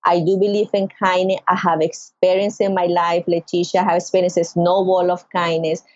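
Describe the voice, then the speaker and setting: Speaking briskly, a middle-aged Venezuelan woman guests on a podcast with an emotional personal story, her accent Venezuelan Spanish. The audio is dull with no room sound. Expressive throughout, she mimics quoted voices using large pitch leaps.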